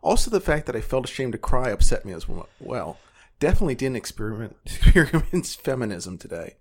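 A man's voice: medium pitch, sing-song, a little fast, a little mellow, husky. Sardonic man reading posts aloud. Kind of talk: casual podcast chat.

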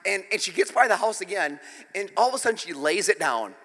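A man preaching a sermon and opening with a long, self-mocking personal story told in a relaxed, chatty way. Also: high voice, fast talker, long reverb tail. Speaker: pastor.

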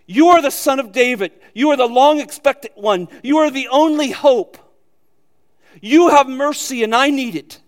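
A preacher putting on a desperate blind beggar. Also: male voice, very high voice, normal speed, pitched above the performer's own voice. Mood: pleading. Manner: desperate, pleading cries. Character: blind male beggar pleading for mercy.

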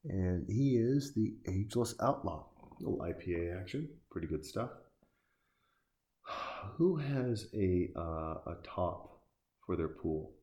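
Low deep dude ranting at a movie, dark mellow voice, sarcastic and sweary. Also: male voice, takes it slowly, pauses often. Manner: sarcastic, profane, talks back at the screen. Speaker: movie reaction commentator. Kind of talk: casual reaction commentary.

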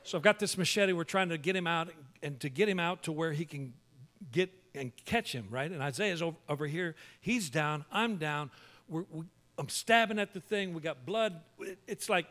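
Male pastor, sermon anecdote, animated, humorous, bright forceful voice, slightly high. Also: normal speed. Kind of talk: sermon storytelling.

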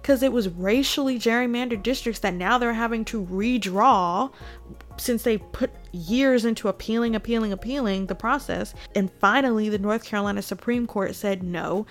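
A woman's voice: on the high side, normal speed, soft background music. A woman giving casual, indignant political commentary straight to her viewers. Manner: indignant, addresses viewers directly, laughs between points.

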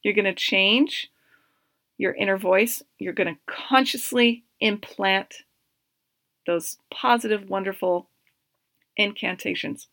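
A woman's voice: mid-range voice, slow pace, vocal fry, long pauses, a bit bright, dry recording. A woman in her thirties, a coach hosting her podcast, who talks upbeat and encouraging straight to her listeners. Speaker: podcast host, life coach. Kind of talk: motivational solo podcast talk.

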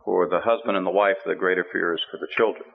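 A middle-aged man preaching a sermon, telling the story with animated delivery and acting out the characters' voices. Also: low voice, fast talker, vocal fry. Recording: phone-like radio broadcast.

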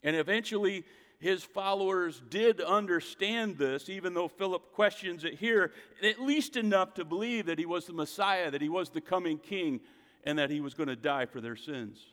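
A man's voice: high voice, moderate pace, a bit bright. Preaching man with hall reverb. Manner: emphatic preaching, rhetorical questions. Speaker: pastor. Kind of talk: sermon.

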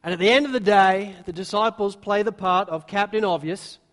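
A man's voice: high-pitched, a little fast, a bit bright. Guy preaching a sermon, acts out the disciples' lines, echoey hall. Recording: long hall reverb.

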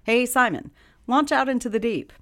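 A woman doing a calm teacher man, urging, a little higher than her usual. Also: moderate pace. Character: calm insistent teacher calling to a fisherman, male.

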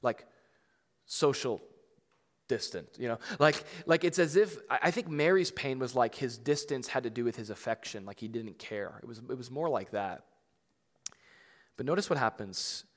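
A man's voice: mid-range voice, moderate pace. A man preaching a sermon in a casual, conversational way, full of fillers and emphatic repeats that build into rising intensity. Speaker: pastor. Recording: long hall reverb.

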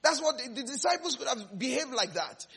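A middle-aged man preaching with a high, husky voice. He talks in an animated way, repeats his words and laughs between phrases. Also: fairly quick. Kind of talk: sermon.

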